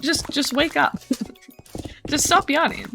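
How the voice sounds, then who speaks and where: Woman streamer, higher-pitched, chatty and self-mocking, with faint music underneath. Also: fairly even intonation, takes it slowly, sharp tone. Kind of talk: casual gameplay chat.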